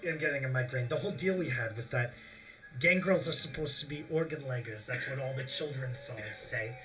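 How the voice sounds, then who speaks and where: A man voicing a greedy, foul-mouthed female crime boss with a gleeful, short-tempered manner, pitched well above his own voice. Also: sing-song, a bit bright, distant mic, heavily acted, rough recording. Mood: irate. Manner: crude, gleeful, quick to anger.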